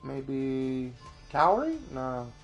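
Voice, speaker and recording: Excitable man chatting through a game stream. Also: mid-range voice, extremely slow, muffled recording, soft background music. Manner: chatty, excitable, laughs often, talks to himself. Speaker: game streamer reading chat. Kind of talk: live gameplay commentary.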